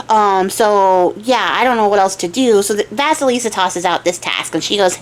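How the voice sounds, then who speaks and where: A woman's voice: mid-range voice, expressive, normal speed, poor audio. A woman retelling a fairy tale casually as a craft channel host, chatty, jokey, with slangy asides to viewers.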